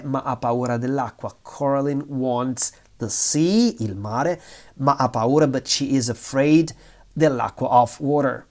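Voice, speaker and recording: Man teaching lyrics slowly. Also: medium pitch. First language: Italian. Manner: slow, thinking aloud, switching between Italian and English. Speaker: Italian language teacher. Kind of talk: lyrics translation lesson.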